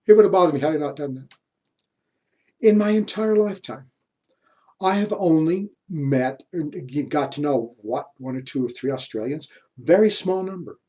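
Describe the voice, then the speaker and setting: Speaking at a normal speed, a man with a slightly high, warm, animated voice teaches a university history class. He chats through personal stories and chuckles a lot along the way.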